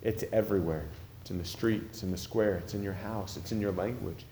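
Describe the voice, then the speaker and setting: A man preaching a sermon with earnest urgency, rising loud and dropping to a hush. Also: on the low side, fairly even intonation, fairly quick, in a large hall, slight background noise. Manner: earnest, swings from loud urgency to hushed intensity. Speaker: pastor.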